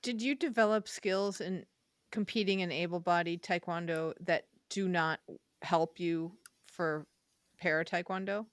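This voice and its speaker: A woman's voice: fairly low pitch, fairly even intonation, a little slow, no room sound, studio quality. A woman co-hosting a podcast interview, asking questions conversationally. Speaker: podcast co-host. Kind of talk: casual interview chat.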